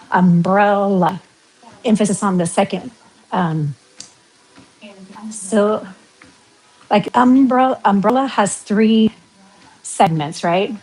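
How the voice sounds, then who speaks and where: A woman's voice: medium pitch, poor audio. A middle-aged woman with a West Coast American accent, chatting on a walking livestream, rambling between topics and reading out viewer comments. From western United States. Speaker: livestream vlogger. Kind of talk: casual livestream chat while walking.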